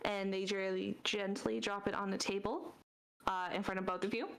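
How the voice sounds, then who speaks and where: A woman's voice: mid-range voice, level tone, normal speed, vocal fry, fairly bright tone, poor audio. A woman narrating as game master in a loose, casual way with lots of fillers.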